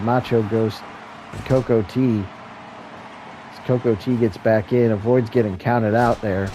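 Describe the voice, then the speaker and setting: A man hosting and calling a wrestling video game match as a solo play-by-play commentator, with excitable calls and joking asides. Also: lowish voice, unhurried, slight background noise, low-quality recording. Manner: excitable play-by-play, rising to shouts at near-falls; self-deprecating asides.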